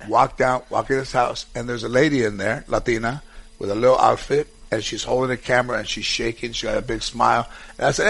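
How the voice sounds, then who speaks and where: A man's voice: medium pitch, fairly quick, gravelly, fairly bright tone, husky. A man chatting as a guest, telling rambling golf anecdotes with many restarts and fillers. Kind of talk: casual storytelling chat.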